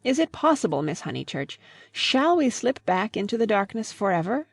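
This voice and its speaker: A woman reading a gentle grieving old father in an audiobook, earnest and pleading, in a mid-pitched voice with a dry, close sound and no room echo. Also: sing-song, moderate pace, vocal fry, breathy edge, heavily acted.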